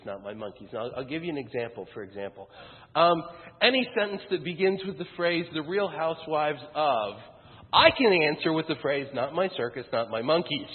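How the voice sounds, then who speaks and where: Wry pastor preaching in an echoing, phone-thin hall. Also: male voice, on the high side. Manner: conversational and wry, with frequent ums. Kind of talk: sermon. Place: church sanctuary. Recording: phone-like sound in a reverberant hall.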